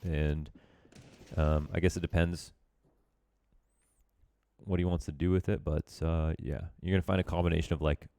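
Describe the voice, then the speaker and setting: In a low, mellow voice with no room sound, a man coaches viewers through a recorded match. He's an esports coach doing casual game analysis of a demo. Expect plenty of filler words and a few jokes at his own expense.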